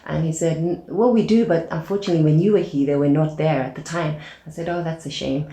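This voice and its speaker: Low-voiced woman telling a story in a roomy space. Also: fast talker. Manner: animated storyteller, acts out quoted dialogue, many fillers. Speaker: podcast guest, aid organization founder. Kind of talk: casual storytelling interview. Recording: roomy echo.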